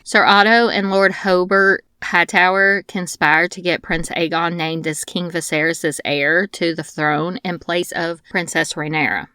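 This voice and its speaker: A woman's voice: fairly low pitch, a bit bright, clear, resonant tone, no room sound, studio quality. A woman hosting a scripted TV episode recap, dropping wry, blunt asides and casual swearing. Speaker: TV recap host.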